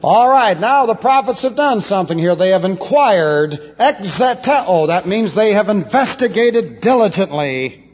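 A man's voice: high-pitched, lively intonation, a little slow. A man teaching the Bible as a pastor, spelling out Hebrew and Greek terms letter by letter and adding dry asides. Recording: dull lo-fi tape in a reverberant hall.

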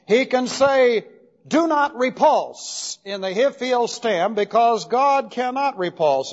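A male pastor giving an expository sermon, emphatic and methodical, repeating key terms as he explains them step by step. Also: high voice. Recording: dull lo-fi recording with long hall reverb.

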